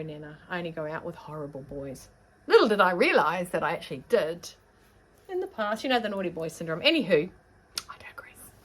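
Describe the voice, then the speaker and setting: A middle-aged woman with a New Zealand accent, chatting to camera about fabric in a rambling, self-mocking way. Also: mid-range voice. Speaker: sewing vlogger. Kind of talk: casual chat to camera.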